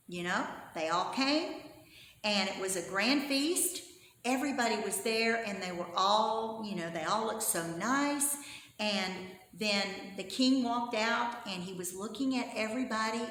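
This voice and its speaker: A woman teaching Sunday school tells a Bible story to children in a lively, expressive way, asking her listeners questions as she goes. Her voice sits at a middling pitch, and it carries through a big echoey church hall with a long reverb tail and a faint hum behind it.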